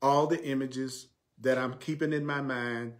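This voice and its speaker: Southern man, mid-pitched, spiritual teacher who drives points home with repetition and rhetorical questions. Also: fairly even intonation, measured pace. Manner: emphatic, repeats key phrases, asks rhetorical questions.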